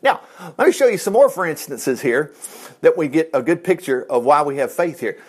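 A man's voice: on the high side, expressive, normal speed, slightly rough. A man preaching an informal sermon in a folksy, conversational way, acting out voices as he teaches. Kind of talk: informal sermon on Bible passages.

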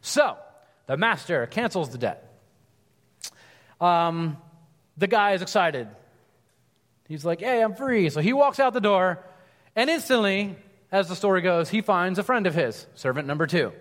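A man delivering a sermon in a lively, conversational storytelling manner, breaking off for casual asides. His voice sits a bit high for a man, and it rings out with a long reverb as if in a large hall. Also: unhurried, pauses often. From United States. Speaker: preacher.

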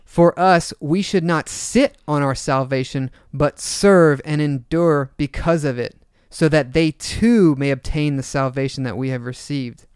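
A man's voice: on the high side, unhurried, a little mellow, clean tone, no echo. Man, Bible podcast co-host, earnest exhorter, dry close studio sound. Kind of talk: scripted Bible teaching.

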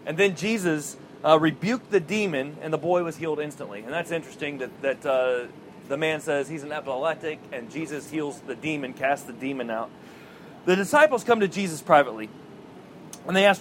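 A man's voice: fairly high pitch, expressive, fairly quick, a bit bright, slight background noise. A man preaching an outdoor chapel sermon at a racetrack, telling stories in a folksy, chuckling way. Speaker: racetrack chaplain.

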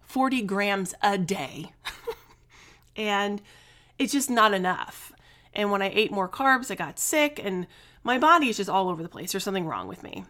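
A woman's voice: mid-range voice, lively intonation, normal speed, bright, forceful tone. Candid, chatty woman in her forties. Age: 40s. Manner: candid, chatty, swears freely; frustrated, venting. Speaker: podcast host. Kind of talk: casual solo podcast chat.

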